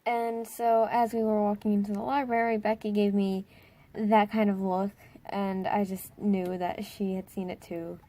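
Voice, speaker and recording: Telling a story from school in a relaxed storytime vlog, an excitable teen girl leans on filler words and erupts into dramatic squeals. Her pitch is medium and her delivery unhurried.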